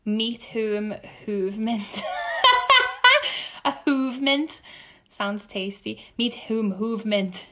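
A musical theatre performer plays a word-guessing game into her phone at home for a casual selfie video, repeating phrases aloud and breaking into incredulous outbursts. Her voice is mid-range and she takes it slowly.

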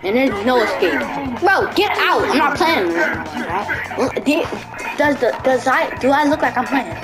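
A woman giving excitable, trash-talking commentary while playing a video game, often shouting at the screen. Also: sits high, measured pace, rough recording. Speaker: gaming video creator. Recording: loud game music underneath.

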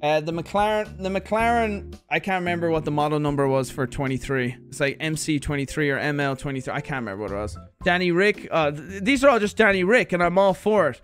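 Animated streamer with a lightish voice. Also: male voice, fairly high pitch, a little fast, few pauses, soft background music. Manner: animated, swears freely, reads viewer letters aloud. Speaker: streamer host. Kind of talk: casual livestream unboxing chat.

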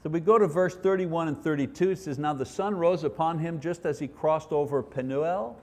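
A man's voice: a little high, fairly quick, darkish tone. A middle-aged man leading a Bible study lesson, talking earnestly in a conversational way and reading scripture aloud. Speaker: Bible teacher. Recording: long reverb of a hall.

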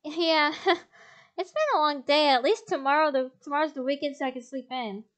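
A woman's voice: high-pitched, normal speed, fairly bright tone. A woman playing a visual novel, reading its text aloud and commenting, often breaking into giggles. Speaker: game streamer.

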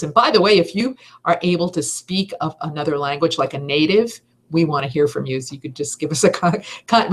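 A middle-aged woman leads a voice-over seminar with lots of energy. Her voice sits a little low, and she presses her points with upbeat emphasis. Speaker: voice-over teacher. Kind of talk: seminar talk.

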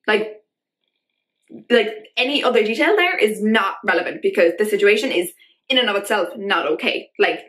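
A woman's voice: medium pitch, expressive, normal speed, a bit bright. A young woman talking to camera in a casual vlog, ranting in an exasperated way and saying "like" constantly. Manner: ranty, exasperated, filler-heavy with constant "like". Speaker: vlogger.

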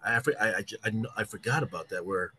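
A man's voice: lowish voice, a little fast, sharp tone, breathy edge. A man with an American Samoan accent, a podcast guest chatting casually in a laid-back, slangy way. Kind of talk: casual chat.

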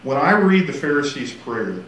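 A man teaching a casual Bible class, animated and joking, acting out quotes. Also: mid-range voice, moderate pace, far from the mic. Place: church classroom. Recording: echoey room, faint hiss.

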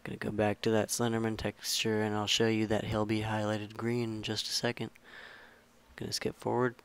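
A young man talks through a game modding tutorial in a low, smooth, clear voice. His delivery stays flat and even as he rambles and corrects himself along the way. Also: normal speed. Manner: rambling, self-correcting, relaxed instructions. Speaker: tutorial maker. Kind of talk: casual screen-recorded game tutorial.

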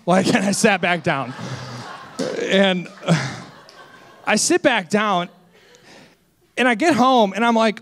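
A man in his twenties, a senior associate pastor, preaching a sermon with lively self-deprecating stories. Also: high voice, a little slow. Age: 20s. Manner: energetic, storytelling with self-deprecating humor.

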